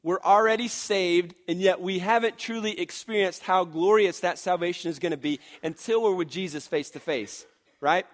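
High-voiced animated preacher man. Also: moderate pace. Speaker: pastor. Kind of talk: sermon.

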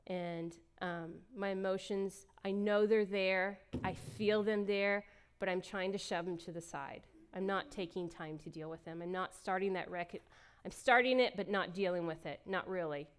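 A woman's voice: mid-range voice, moderate pace, hardly any pauses, clear, resonant tone. A middle-aged woman giving a candid, emotional personal testimony as a church speaker, laughing often as she talks.

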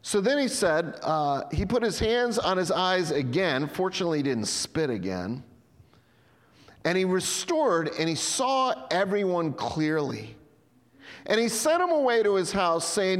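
A man preaching a sermon with animated storytelling, acting out the people in the passage and chuckling as he goes. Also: sits high, measured pace, big-room sound. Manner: lively storytelling, acts out voices, chuckles. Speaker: pastor.

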